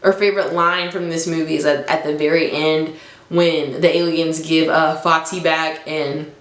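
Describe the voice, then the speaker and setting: A woman's voice: sits low, steady tone, moderate pace. A woman in her twenties chatting enthusiastically in a casual vlog, laughing often. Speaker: vlogger. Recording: roomy echo.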